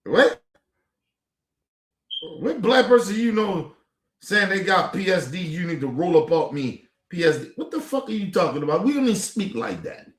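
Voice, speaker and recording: A man's voice: sits high, normal speed, reverberant. A man giving heated, profane commentary as a streaming host, repeating points with rising exasperation. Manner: profane, animated, repetitive.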